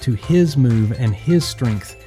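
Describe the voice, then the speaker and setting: A pastor hosting a devotional podcast, reading scripture with earnest pleading emphasis. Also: male voice, mid-range voice, lively intonation, slow, warm tone, soft background music.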